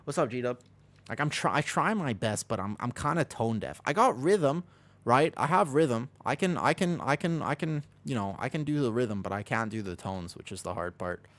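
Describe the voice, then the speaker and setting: A man's voice: mid-range voice, lively intonation, normal speed, fairly bright tone. A man streaming casually from home, rambling and joking about himself while reading his chat. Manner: rambling, self-deprecating, reads chat aloud. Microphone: desk microphone.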